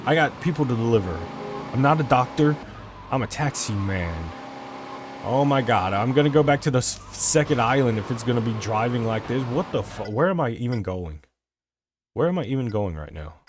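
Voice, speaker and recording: A man's voice: mid-range voice, animated, moderate pace, noisy background. A man giving casual gameplay commentary on a stream, rambling and swearing in frustration, talking into a desk microphone. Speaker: gaming streamer.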